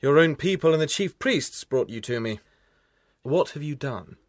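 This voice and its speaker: A man voicing a stern, weary male Roman governor who speaks in a deliberate, questioning way. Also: fairly high pitch, lively intonation, no echo, studio quality, voice pushed down, natural voice.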